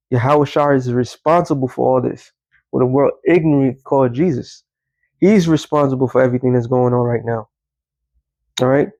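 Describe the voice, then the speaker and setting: A man's voice: mid-range voice, warm tone, dry recording, poor audio. A man giving casual, rambling religious commentary, emphatic and often correcting himself mid-sentence. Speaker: online commentator.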